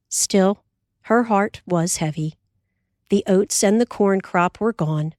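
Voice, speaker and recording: A woman narrating an audiobook in a measured, unhurried way. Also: medium pitch, a little mellow, no room sound, studio quality. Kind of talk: scripted narration.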